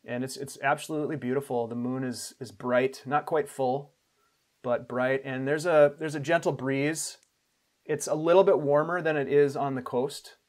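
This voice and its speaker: A man running a tabletop roleplaying game as game master, describing scenes in an unhurried way with small restarts. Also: mid-range voice, steady tone, a little mellow.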